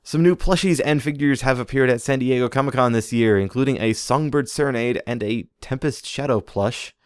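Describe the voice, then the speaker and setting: A man's voice: mid-range voice, a little fast, smooth, dry recording, studio quality. A man co-hosting a podcast, running through toy news in a casual chat and slipping in puns. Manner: reads news items, jokey puns. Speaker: podcast co-host.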